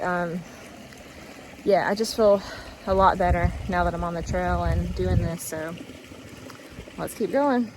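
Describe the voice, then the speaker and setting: A woman's voice: fairly low pitch, noisy background. A woman chatting casually in a trail vlog, upbeat and full of fillers, recorded outdoors on a phone. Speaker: thru-hiker vlogger.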